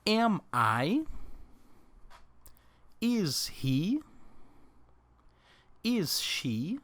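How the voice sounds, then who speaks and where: A man teaching a recorded English lesson, drilling example sentences slowly with exaggerated question intonation. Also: sits high, big pitch swings, a bit bright.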